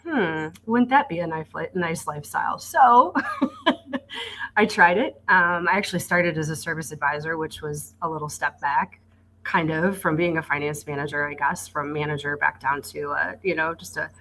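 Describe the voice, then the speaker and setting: A woman in her forties telling her career story in a podcast interview, animated and acting out quoted dialogue, with frequent stammered restarts. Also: deep voice, normal speed, a little hiss or hum, poor audio. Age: 40s. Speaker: guest, dealership executive. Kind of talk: conversational storytelling.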